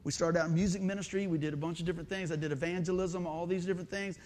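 A middle-aged male pastor, preaching a folksy, animated sermon full of stories and calls for amen. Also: sits high, racing. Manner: folksy, animated, storytelling with asides and call-and-response.

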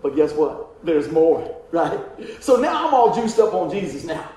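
A man preaches in a folksy storytelling way, laughing often and acting out each voice in his story. His voice sits high for a man. The sound bounces heavily around a big echoing room, with a faint hiss behind it. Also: big pitch swings, unhurried, warm tone. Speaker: evangelist preacher. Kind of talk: storytelling sermon testimony. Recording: heavily echoing hall with faint ambient noise.

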